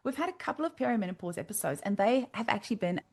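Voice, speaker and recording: A woman's voice: medium pitch, very fast. Chatty woman podcast host. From South Africa. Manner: chatty, candid, animated storytelling. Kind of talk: casual podcast interview.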